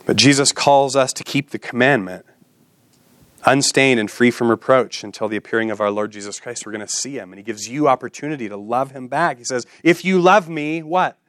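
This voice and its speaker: A man's voice: mid-range voice, brisk, fairly bright tone, no room sound. A man preaching a sermon with passion, repeating phrases and building to exhortations. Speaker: pastor.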